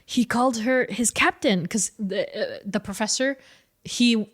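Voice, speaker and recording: A woman co-hosting a podcast, casually recapping a comic story with lively storytelling, frequent laughs and fillers. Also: on the high side, a little slow. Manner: animated storytelling, laughing often, many fillers. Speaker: podcast co-host.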